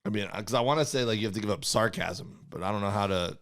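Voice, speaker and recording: A man's voice: on the low side, quick pace, fairly bright tone. A man co-hosting a comedy podcast, teasing his co-host in casual, playful banter.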